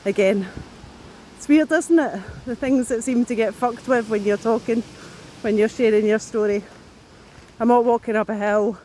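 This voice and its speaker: Walking outside and talking to her camera, a woman vlogger speaks casually, her voice on the high side and slightly dark, at a normal pace with frequent pauses. She's out of breath between phrases, and her rambling talk loops back on itself and breaks into swearing. It stays loose and unscripted the whole way, with a faint hiss or hum on the recording.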